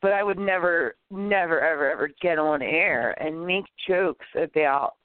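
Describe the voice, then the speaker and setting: A man hosting a podcast in casual chat, animated and opinionated, rambling with many restarts. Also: a little high, moderate pace, clear, resonant tone, dry recording. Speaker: podcast host. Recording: tinny phone-like lo-fi audio, dry.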